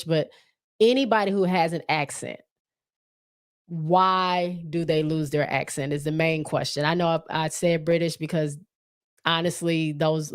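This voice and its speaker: A low-voiced woman talks through her solo podcast, loose and chatty. She drifts between thoughts and leans on fillers and restarts. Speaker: podcast host. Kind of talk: casual solo podcast chat.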